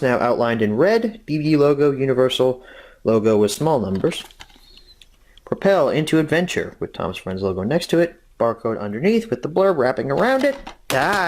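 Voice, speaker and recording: A man hosting a home media review vlog, casual, chatty, opinionated and self-deprecating. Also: medium pitch.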